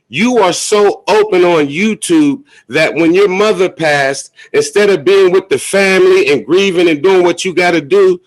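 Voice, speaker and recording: A man calling into a live stream who argues his points calmly, step by step. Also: on the high side, poor audio. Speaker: caller. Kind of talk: live call-in debate.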